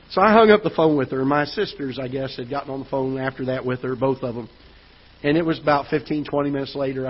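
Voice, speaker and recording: A man's voice: mid-range voice, slightly rough. A male pastor with a Midwestern American accent, preaching a sermon and telling a personal story with frequent restarts and repeated words. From United States. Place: church auditorium. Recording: dull lo-fi church broadcast audio.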